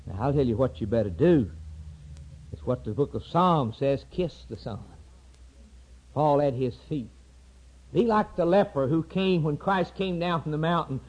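A man preaching an impassioned sermon, rising to high cries and dropping to hushed, low tones. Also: rough recording.

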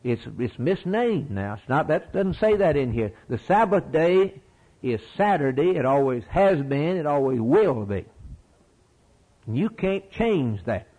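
A man's voice: a little high, sing-song, unhurried, dark tone, breathy edge, poor audio. A middle-aged man preaching a sermon in a folksy, emphatic way, repeating his key phrases.

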